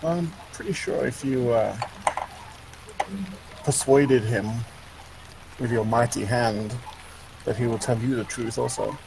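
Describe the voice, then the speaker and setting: Player with a gravelly voice, hesitant and full of filler words, a man. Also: mid-range voice, slow pace, pauses often, noisy background.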